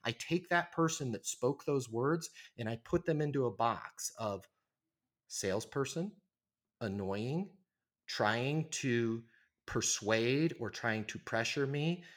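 A man's voice: medium pitch, slow pace. Man in his forties, sales-trainer guest on a podcast, emphatic and persuasive, keeps checking in with "right?". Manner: emphatic, persuasive, frequent "right?" tag questions. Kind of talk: conversational podcast interview.

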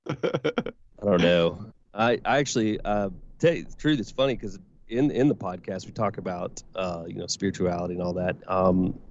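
A man's voice: low-pitched, a little mellow. A man talking as a podcast guest in casual chat, candid and rambling, with frequent swearing. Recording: slightly dull audio with faint noise.

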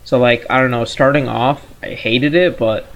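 A man's voice: mid-range voice, moderate pace, dull audio, a little hiss or hum. A man as a podcast guest, rambling and hedging as he talks about a past job. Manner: relaxed, rambling, hedging with fillers. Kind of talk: casual chat.

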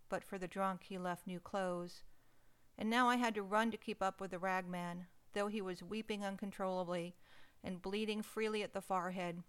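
Smooth-voiced woman narrating a story. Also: medium pitch. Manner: expressive, emotional first-person storytelling. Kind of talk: dramatic story reading.

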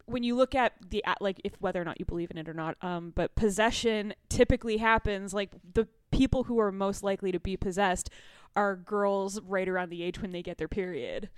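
A woman's voice: mid-range voice, brisk, clear, resonant tone, dry recording, studio quality. A woman on a casual podcast talking hesitantly, with many ums and restarts. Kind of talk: casual chat.

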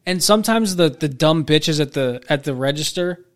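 A man's voice: on the high side, moderate pace. A man co-hosting a casual podcast, telling stories with lots of swearing and acting out the people he quotes. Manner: animated storyteller, swears, acts out people he quotes. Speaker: podcast co-host.

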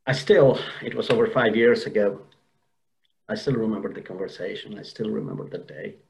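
In a rough recording, a male podcast guest tells an emotional story from his own life in an interview, earnest, frequently restarting and repeating words. His voice is lowish, a little mellow, with vocal fry, and he talks fairly quickly.

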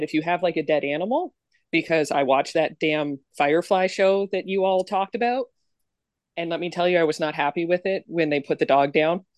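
A woman with a lowish voice chatting as a podcast co-host, quick to laugh and poke fun at herself. Her voice is recorded close and dry, with no room sound. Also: darkish tone, no room sound. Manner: jokey, laughs often, self-deprecating. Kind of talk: casual chat.

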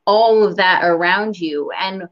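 A woman's voice: on the low side, takes it slowly. A woman speaking earnestly in casual conversation, repeating key phrases for emphasis. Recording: dull lo-fi audio.

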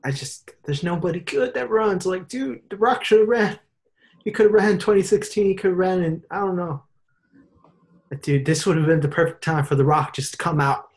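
A young man chatting casually and excitedly, with lots of slang and playful impressions. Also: high-pitched, fairly quick. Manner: animated, slangy, puts on voices for fun. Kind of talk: casual chat.

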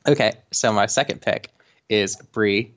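A young man co-hosting a casual chat, talking haltingly with many fillers and restarts. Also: on the low side, a bit bright. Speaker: co-host. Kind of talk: casual chat about reality TV. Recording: dull lo-fi home recording.

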